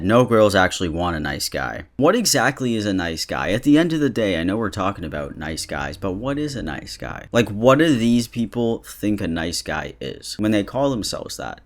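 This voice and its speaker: A young man with a voice pitched a little low, hosting his own reaction video. He reads out messages and answers them with dry, incredulous sarcasm. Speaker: commentary video host. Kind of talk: reacting to and reading out screenshots.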